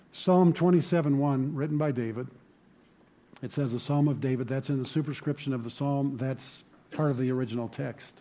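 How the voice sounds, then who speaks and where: A man's voice: mid-range voice, mellow. A middle-aged man preaching a sermon, telling stories conversationally and building to emphatic points. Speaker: pastor.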